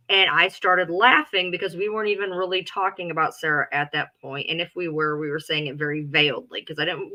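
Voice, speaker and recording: A woman's voice: lowish voice, pushed and bright, rough recording. A woman co-hosting a live stream, bluntly and profanely complaining about an online rival. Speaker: livestream co-host. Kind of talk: casual storytelling on a live stream.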